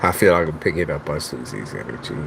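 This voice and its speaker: A man's voice: a bass voice, animated, fast, gravelly, background noise. A man hosting a live tarot stream, chatting casually with viewers in a teasing, profane way. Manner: teasing, profane, talks straight to chat. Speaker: tarot reader host.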